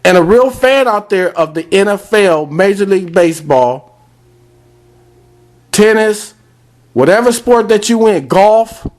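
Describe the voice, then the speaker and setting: Male podcast host, higher-pitched voice; fired-up, blunt sports rant aimed at the listeners. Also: expressive, a little slow, long pauses. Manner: fired-up, addresses fans directly; blunt, repetitive scolding.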